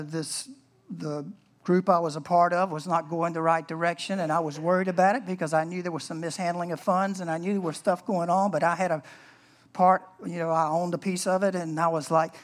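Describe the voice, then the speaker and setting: A man preaching a sermon as pastor in an earnest, conversational way. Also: fairly high pitch.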